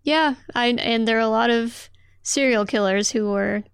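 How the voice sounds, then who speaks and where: A woman co-hosting a podcast in casual chat, playful and teasing, quick to agree with her partner. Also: a little high, clear, resonant tone, dry recording, clean studio sound. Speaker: podcast co-host.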